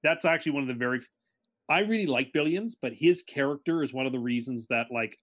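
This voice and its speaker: A man co-hosting a podcast, speaking in a measured, mildly contrarian way in casual chat. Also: medium pitch, a bit bright. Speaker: podcast co-host.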